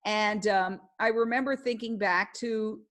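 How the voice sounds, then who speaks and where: A woman's voice: medium pitch, fairly even intonation, unhurried, a bit bright. A woman journalist telling a story in a passionate, emphatic way during a casual live talk. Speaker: guest speaker, journalist.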